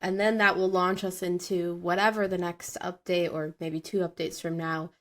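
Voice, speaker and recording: A woman's voice: lowish voice, level tone, normal speed, a bit bright. A woman hosting a gaming podcast, upbeat and leading the casual chat. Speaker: podcast host.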